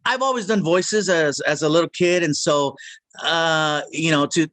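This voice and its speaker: Give me a man as an interview guest, talking in an animated, storytelling way. His voice is a touch higher than most men's. The sound is dry and close, with little room. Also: measured pace, no echo. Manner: animated storyteller, acts out quotes. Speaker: voice actor and comedian guest. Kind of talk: casual interview chat.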